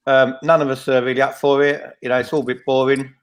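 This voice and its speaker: A man's voice: medium pitch, level tone, quick pace, clean tone. Laid-back man hosting a fan podcast. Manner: laid-back, self-mocking, full of ums. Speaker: podcast host. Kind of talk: casual football fan chat.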